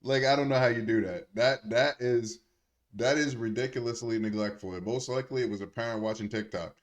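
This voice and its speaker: A man's voice: mid-range voice, fairly quick. A man co-hosting a podcast, talking casually and emphatically and repeating points to drive them home. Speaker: podcast co-host. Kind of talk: casual chat.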